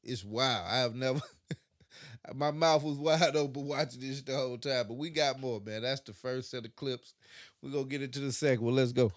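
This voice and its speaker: A man's voice: mid-range voice, moderate pace, no echo, studio quality. A man hosting a reaction video, giving casual, slangy commentary and laughing between remarks.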